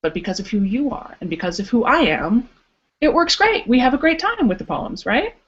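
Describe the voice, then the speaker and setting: A woman's voice: fairly high pitch, big pitch swings, fairly quick, slightly rough, highs cut off. A woman coach hosting a live online workshop, chatty and playful, with lots of "um" and "like", in casual encouraging webinar Q&A. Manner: chatty, playful, says "um" and "like" often.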